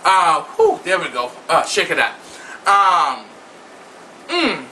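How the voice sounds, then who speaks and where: A man's voice: a little high, big pitch swings, slow pace, pushed and bright. A man vlogging in a sassy, profane and flamboyant style of casual gossip commentary. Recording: distant mic with faint noise.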